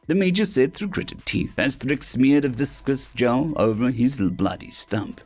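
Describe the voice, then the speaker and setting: A man narrating science fiction stories as an audiobook reader, animated and putting on voices for the characters. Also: mid-range voice, a little slow, few pauses, breathy edge, soft background music. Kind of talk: scripted narration of sci-fi stories.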